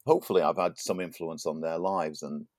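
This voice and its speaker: A man's voice: sits low, steady tone, brisk, a little mellow, no echo, clean studio sound. A man co-hosting a podcast in casual chat, laughing often and tripping over his words. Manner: chatty, laughs often, stumbles and repeats words. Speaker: podcast co-host.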